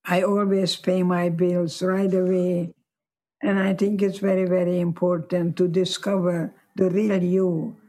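A woman in her nineties, a guest telling her life story slowly and reflectively. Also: on the low side, little pitch movement, warm tone. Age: 90s.

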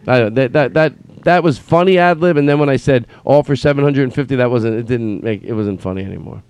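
A man's voice: medium pitch, fairly quick, few pauses, a little mellow, clear, resonant tone, rough recording. A man hosting a comedy podcast alone in a barn studio, rambling and riffing in scattered bursts. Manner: scattered, riffing, restarts and bursts of silly bits. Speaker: podcast host.

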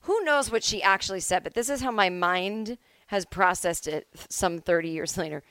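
A woman's voice: fairly low pitch, moderate pace, a bit bright, dry recording. A woman in her forties from Massachusetts, hosting a solo comedy podcast from home, rambling and self-deprecating with lots of "like" and "I don't know". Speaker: podcast host.

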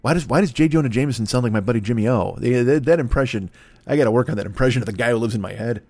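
A man's voice: mid-range voice, rapid-fire, darkish tone, dry recording. A man hosting a solo podcast, rambling in a profane, self-deprecating way. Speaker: podcast host.

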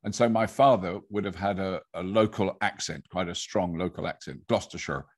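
An older English man with a fairly posh accent and a husky voice, telling stories in a rambling, casual conversation. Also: low voice, fairly quick. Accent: English, fairly posh (received pronunciation trained). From England. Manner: rambling, storytelling, with laughs.

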